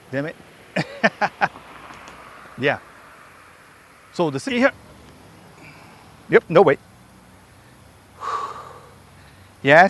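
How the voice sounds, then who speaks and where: A man with a somewhat high voice talks while skating through a park, breathing hard between his rambling, chatty asides. The sound comes from a camera he carries or wears on his body. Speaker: skate builder vlogger. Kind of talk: casual vlog while skating. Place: outdoor park with trees. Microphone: camera held in hand or strapped to body.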